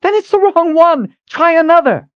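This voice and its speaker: A man voicing a desperate, defiant noblewoman who screams her orders from a dark pit, on a dull lo-fi recording. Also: expressive, moderate pace, dry recording. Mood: urgent. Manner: screaming, shrill pleading calls. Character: defiant desperate woman, Mother Confessor trapped in a pit.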